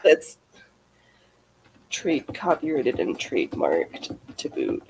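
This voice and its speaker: A woman co-hosting a casual sewing livestream with a husky voice, making dry, blunt remarks. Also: rumbling low, wildly swooping pitch, slow, darkish tone, a little hiss or hum. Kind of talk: casual chat while sewing.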